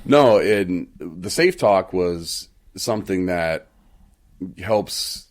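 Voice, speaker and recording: A man hosting a podcast in casual chat, telling stories in an animated way and laughing between lines. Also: sits low, extremely slow. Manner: animated storyteller, acts out quoted voices. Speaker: podcast host.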